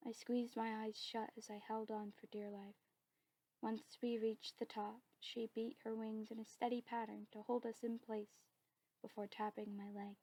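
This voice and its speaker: Woman, narrator, whispered role-play, breathy voice, flat even delivery, soft steady storytelling. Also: fairly high pitch, moderate pace, poor audio.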